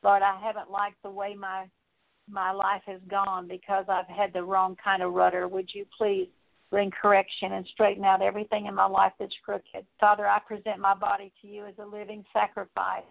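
Woman prayer leader, earnest confessional prayer, gravelly edge, flat delivery, phone-quality sound. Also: mid-range voice, moderate pace. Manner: earnest, repetitive confessional phrasing with fillers. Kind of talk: spoken prayer. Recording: tinny phone-like audio.

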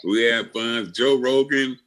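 A man's voice: medium pitch, slow, a bit bright. An older man telling his story as a podcast guest, blunt and full of swearing, often restarting his sentences. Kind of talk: casual interview storytelling.

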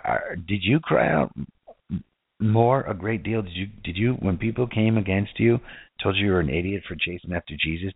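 Low-voiced man preaching, phone-thin sound. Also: no room sound. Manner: casual, keeps asking "right?" and rhetorical questions. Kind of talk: sermon. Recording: tinny phone-like dry sound.

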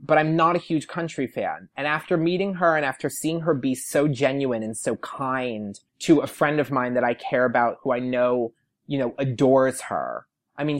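A young man, a podcast guest, telling a story in a casual way and acting out what people said in lively voices. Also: mid-range voice. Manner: animated, quotes people in lively put-on voices.

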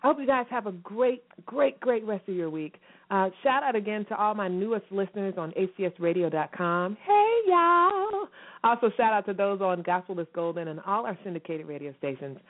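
A woman hosting a gospel radio show, chatting casually with gushing thanks and shout-outs. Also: medium pitch, a little fast, hardly any pauses. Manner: warm, exuberant, gushing shout-outs with laughs. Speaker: radio show host and gospel recording artist. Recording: tinny phone-like sound, faint music.

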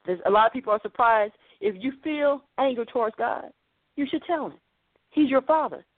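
Woman preacher, fairly high voice, earnest conversational sermon, dry tinny phone-line sound. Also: fairly quick, dry recording. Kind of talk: podcast sermon.

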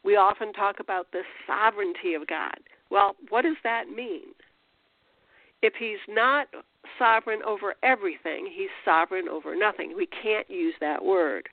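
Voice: medium pitch, moderate pace, vocal fry, no echo. A Christian teacher giving an informal spiritual talk, conversational, with restarts and rhetorical questions. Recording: tinny phone-like dry sound.

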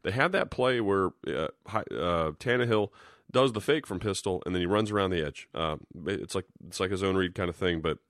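A man's voice: low voice, a little fast, fairly bright tone, no echo, studio quality. A man, a former linebacker, breaking down game film in a casual, rambling way, full of restarts. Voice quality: hoarse-sounding morning voice. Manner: rambling and conversational, with frequent restarts and 'you know'.

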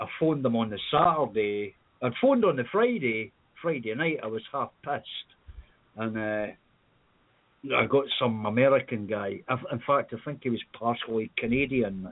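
A man's voice: mid-range voice, normal speed. A Scottish man calling in to a casual chat show, telling a rambling story and swearing freely. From Scotland. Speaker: caller. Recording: tinny phone line.

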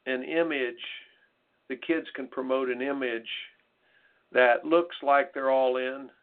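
Gravelly american coach guy hosting radio, folksy and emphatic, sounds like a phone line. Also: mid-range voice. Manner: folksy, emphatic, repeats phrases. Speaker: tennis coach and radio host. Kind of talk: radio talk monologue.

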